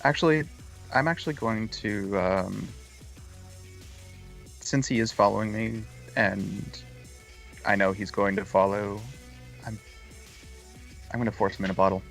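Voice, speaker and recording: Low gravelly guy playing a tabletop rpg, kinda hesitant, faint music behind. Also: measured pace, pauses often, a bit bright. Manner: hesitant, thinking aloud with many ums. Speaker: player. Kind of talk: tabletop game play.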